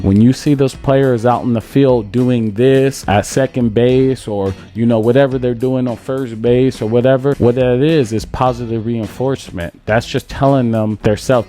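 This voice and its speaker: A man with a low, mellow voice coaches baseball hitters. He speaks emphatically and drives his points home by repeating them, over faint background music. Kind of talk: instructional talk to camera.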